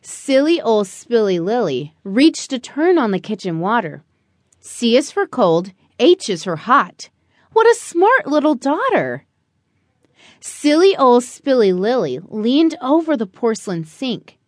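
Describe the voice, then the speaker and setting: A woman narrating a rhyming children's picture book in a slow, expressive storytelling manner. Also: a little high, no echo, studio quality. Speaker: audiobook narrator.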